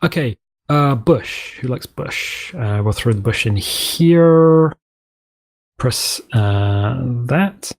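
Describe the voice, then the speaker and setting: A man's voice: mid-range voice, animated, drawn-out words. A man giving rambling, self-mocking commentary while building in a game's map editor, now and then dropping into silly voices. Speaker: gameplay commentator. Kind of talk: casual let's-play commentary.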